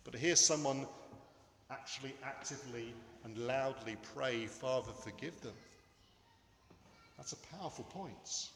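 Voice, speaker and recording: A man preaching a sermon in a church, earnest and emphatic, with dramatic pauses. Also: medium pitch, a bit bright, a little hiss or hum. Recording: echoey hall with long reverb.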